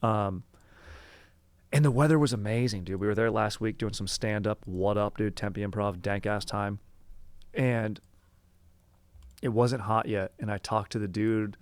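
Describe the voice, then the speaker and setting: A young man hosting a casual comedy podcast, excitable, swearing and saying "dude" often. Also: on the low side, a little slow, pauses often, smooth, no echo. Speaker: podcast host. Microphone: headphones on.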